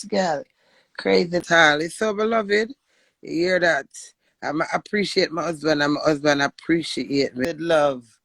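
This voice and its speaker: A woman's voice: deep voice, vocal fry, a bit bright, dry recording. A woman hosting a live call-in chat, handing out blessings and proverbs. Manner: preachy, blessing and proverb-giving. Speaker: live stream host.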